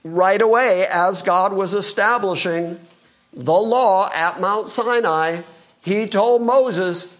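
A man preaches a sermon and reads scripture aloud in a fairly high voice. His delivery stays conversational. He breaks it up with playful asides. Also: slow, a bit bright. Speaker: pastor.

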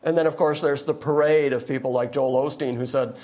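A male pastor preaching a sermon, emphatic, moving between quiet asides and loud declarations. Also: mid-range voice, fairly even intonation, fairly quick.

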